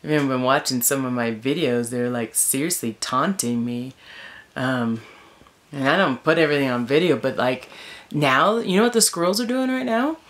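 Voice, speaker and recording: Speaking at a normal speed in a bass voice, this woman wilderness vlogger recounts a story from her tent in the woods. Her telling is relaxed and lively, full of "like" and "you know."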